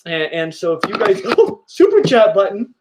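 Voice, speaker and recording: A man's voice: sits high, wildly swooping pitch, moderate pace, background noise. A middle-aged man hosting a casual reptile livestream, gushing enthusiastically about his animals. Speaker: reptile channel host.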